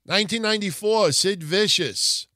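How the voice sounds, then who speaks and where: A man hosting a casual wrestling history podcast, rambling through old results in a profane, animated way. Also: high-pitched, normal speed, dry recording, studio quality. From Italian heritage. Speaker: podcast host.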